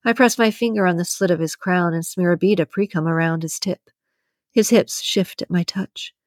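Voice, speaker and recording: A woman narrates a first-person romance story in a breathy, intimate voice, pitched on the low side. The recording is dry and close, with no room sound. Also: normal speed, no echo. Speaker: audiobook narrator.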